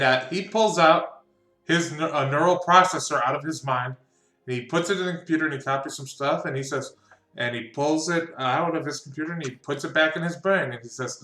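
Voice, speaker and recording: A man's voice: a little high, a little fast, sharp tone. A man narrating as game master of a tabletop role-playing game, rambling and restarting often. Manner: rambling, full of fillers and restarts. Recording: echoey room.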